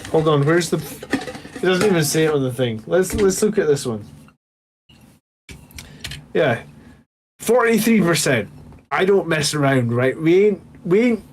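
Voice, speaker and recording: A man in his thirties chats loosely on a late-night hobby livestream, his voice sitting a little higher than most men's. He rambles, swears freely and thanks his viewers while working through a beer and a whiskey. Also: expressive, measured pace, pauses often, slight background noise.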